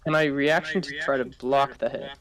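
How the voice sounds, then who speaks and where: A man's voice: medium pitch, steady tone, moderate pace, a bit bright, rough recording. A man playing a tabletop game, often answering in clipped one-word replies. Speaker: player.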